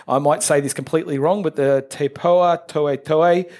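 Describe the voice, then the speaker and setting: A man hosting a podcast, running through industry news in an upbeat, brisk way. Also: a little high, steady tone, a little mellow. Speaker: podcast host. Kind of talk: casual industry news chat.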